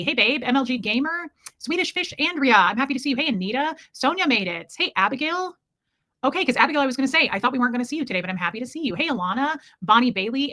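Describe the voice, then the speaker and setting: A woman with a bright, fairly high voice chats casually on a livestream, greeting viewers one after another by name. Her talk rambles with friendly asides and loose trailing thoughts.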